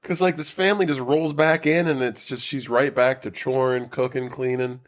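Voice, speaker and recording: Male podcast co-host, mid pitch; chatty, animated film recap with plenty of swearing. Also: normal speed. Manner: animated, profane, laughs a lot, acts out characters. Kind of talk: casual movie-review chat.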